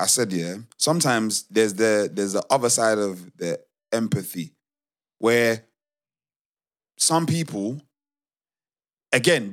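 A man's voice: mid-range voice, a bit bright. A man on a podcast, talking a point through, starting over often and searching for words. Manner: hesitant, restarts often while reasoning. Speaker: podcast co-host. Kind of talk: casual chat.

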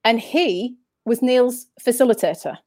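A woman's voice: on the high side, unhurried, a little mellow, dry recording. A woman with a northern English accent, telling stories as an interview guest in a rambling, chatty way that keeps restarting sentences. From northern England. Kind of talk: casual interview chat.

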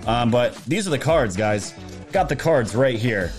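A man's voice: mid-range voice, lively intonation, measured pace. Male streamer host, loose rambling delivery, casual chat over background music. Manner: rambling, jokey, loose with filler words. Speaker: livestream host. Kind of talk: casual political livestream talk. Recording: music playing underneath.

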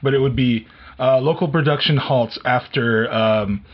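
A man's voice: medium pitch, unhurried, highs cut off. A man who is a guest on a casual chat, speaking hesitantly with fillers and giggles.

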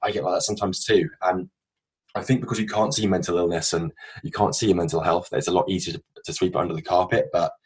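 A man's voice: low voice, fairly even intonation, quick pace, husky. A young man co-hosting a podcast, telling a candid personal story in an earnest, open way and swearing freely. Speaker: podcast co-host.

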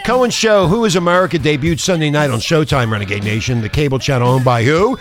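A man's voice: fairly high pitch, animated, quick pace, hardly any pauses, faint music behind. A man hosting a talk radio show, ranting angrily with profanity and mocking sarcasm. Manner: angry, profane, combative ranting.

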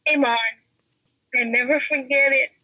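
A woman's voice: high voice, steady tone, unhurried, bright, forceful tone, no echo, rough recording. A woman guest giving an earnest, emotional personal testimony in an interview. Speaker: podcast guest.

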